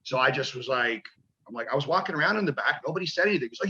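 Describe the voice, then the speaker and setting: A man's voice: fairly high pitch, animated, rapid-fire, sharp tone, lo-fi sound. A man, a pro wrestler, telling rambling, profane stories in a casual interview and acting out the voices of people he quotes.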